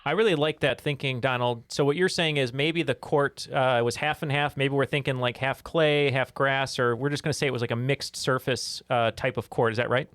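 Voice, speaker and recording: A man's voice: mid-range voice, fairly even intonation, fairly quick, few pauses, a bit bright, no room sound. A friendly man co-hosts a trivia podcast and talks answers through with his teammate. His mid-range voice sounds close and dry. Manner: friendly, thinks aloud with fillers. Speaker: podcast co-host and player. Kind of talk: casual podcast banter.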